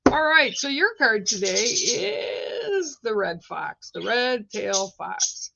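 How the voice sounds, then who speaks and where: Slow, rambling woman giving card readings. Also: a little high, sing-song, creaky, sharp tone, slight background noise, poor audio. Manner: slow, meandering, many fillers. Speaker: psychic card reader.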